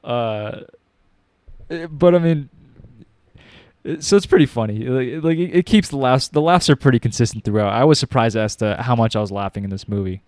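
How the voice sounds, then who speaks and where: A man's voice: medium pitch, animated, moderate pace, a little mellow, dry recording, studio quality. A young man casually reviewing a movie, rambling with lots of fillers, slang and restarts.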